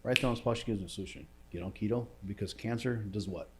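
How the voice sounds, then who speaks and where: Low-voiced man telling a story, emotional. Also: racing, noisy background. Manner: emotional storytelling, often drops to a quiet low voice; casual slangy talk, says bro and dude. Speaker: entrepreneur guest. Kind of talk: storytelling in a podcast interview.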